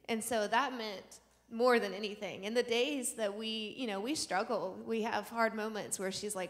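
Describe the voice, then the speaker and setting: A woman's voice: medium pitch, fairly even intonation, normal speed, few pauses. Earnest woman telling her church testimony. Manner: earnest storytelling, acting out quoted dialogue. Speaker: missionary sharing a testimony. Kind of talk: personal testimony to a church audience. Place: church sanctuary. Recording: long reverb of a church hall.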